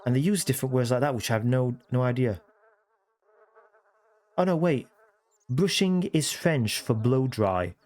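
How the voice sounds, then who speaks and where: A man's voice: medium pitch, animated, a little slow, long pauses, darkish tone. Chatty man streaming from home. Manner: chatty, repeats phrases, self-correcting. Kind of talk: casual livestream chat. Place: home room at a computer.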